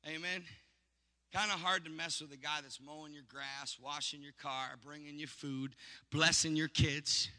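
A man preaching a sermon, telling stories and calling for response, building to shouts. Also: a little high, steady tone, a little slow, in a large hall. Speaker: pastor.

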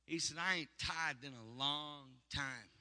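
A man preaching a sermon, telling stories and calling for response, building to shouts. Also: on the high side, takes it slowly, long reverb tail. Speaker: pastor.

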